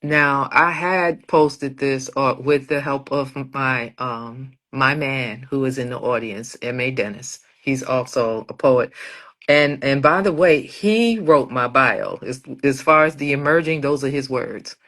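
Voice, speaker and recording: Woman poet guest, lively storyteller with a bright forceful tone, casual interview talk. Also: a bass voice, a little slow. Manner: animated storyteller, acts out quoted dialogue.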